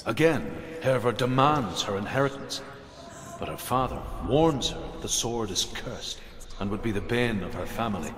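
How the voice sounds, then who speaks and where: A grave deep-voiced game narrator. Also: male voice. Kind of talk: storytelling narration. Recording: long reverb with steady noise.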